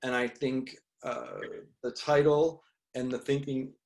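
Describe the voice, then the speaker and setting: A man's voice: mid-range voice, little pitch movement, unhurried, darkish tone. Rambling male podcast host. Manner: rambling, hesitant questions. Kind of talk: casual interview question.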